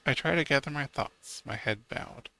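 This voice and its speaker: A male streamer reading a story game's narration aloud, adding wry little asides. His voice is bright and forward with a gravelly texture. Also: mid-range voice, normal speed.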